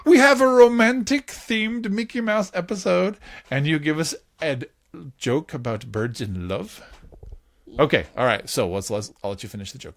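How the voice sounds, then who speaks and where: A male podcast host chatting casually into a close mic, in a very dry, dead room. His pitch swings widely as he talks, and he laughs easily in an upbeat, playful way. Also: lively intonation, normal speed, a bit bright, no room sound.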